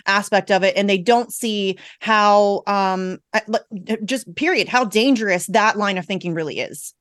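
A woman's voice: medium pitch, moderate pace, fairly bright tone, dry recording, studio quality. A woman hosting a political talk radio show, speaking emphatically and with strong opinions.

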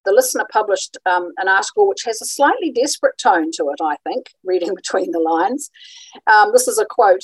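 A woman's voice: mid-range voice, lively intonation, a little fast, slightly rough, no echo, low-quality recording. A woman presenting a talk on radio history in a conversational way, with frequent ums and restarts. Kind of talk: informal illustrated talk.

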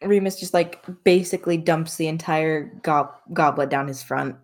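A woman narrating a tabletop game as game master, in a relaxed, casual way. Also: low-pitched, moderate pace.

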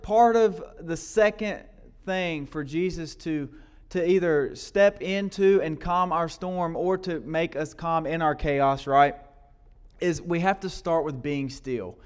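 A guest preacher at a church service speaks to the congregation in a fairly high, clear, resonant voice at a slow pace. His sermon is loose and conversational, full of repeated words and a frequent "right?" tacked onto his lines. He keeps questioning and prompting the people in front of him.

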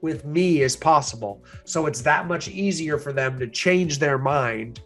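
A man with a slightly high voice coaches listeners on building rapport, switching into little acted voices as he goes. Faint music plays under his lively, hands-on delivery. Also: unhurried. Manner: animated, acts out quoted voices, chuckles often. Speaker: sales and negotiation coach. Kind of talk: instructional talk.

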